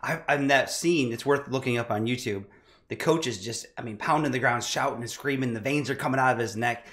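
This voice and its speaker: Male co-pastor, mid-pitched, affirming; casual church dialogue. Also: brisk, fairly bright tone. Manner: affirming, adds short encouraging remarks.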